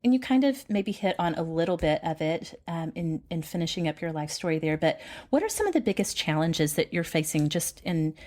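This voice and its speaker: A woman in her thirties hosts a casual podcast interview. She is chatty and encouraging, with a somewhat low voice. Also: sing-song, brisk, few pauses, a little mellow. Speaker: podcast host.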